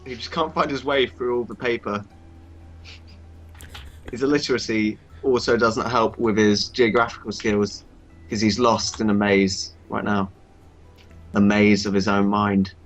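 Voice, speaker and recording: Joking player, muffled audio. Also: male voice, lowish voice, level tone, unhurried, pauses often, faint music behind. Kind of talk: casual chat.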